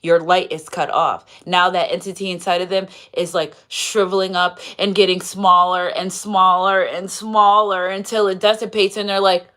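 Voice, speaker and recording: Animated, playful woman reading tarot. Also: fairly low pitch, normal speed, few pauses. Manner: animated, playful, frequent laughter and asides. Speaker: tarot reader. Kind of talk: casual live tarot reading.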